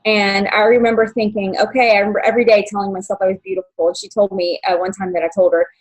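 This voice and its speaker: A young adult woman telling her life story as an interview guest, halting, with many fillers and restarts, at times emotional. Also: mid-range voice, little pitch movement, low-quality recording. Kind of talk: personal story in podcast interview.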